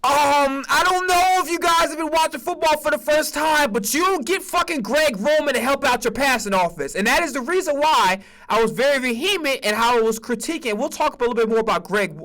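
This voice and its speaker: Very high-voiced, bright-toned male sports ranter. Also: a little fast. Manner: heated, swears constantly, stammers and repeats words. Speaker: sports streamer and podcast host. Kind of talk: profane sports rant.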